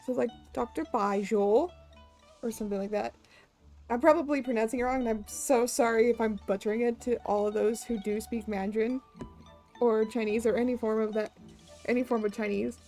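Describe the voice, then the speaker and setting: A chatty woman streamer talking over her gameplay, casual and self-deprecating, laughing at her own remarks. Her voice sits a little high, with faint game music underneath. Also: fairly even intonation, a little fast, mellow. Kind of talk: casual gaming commentary.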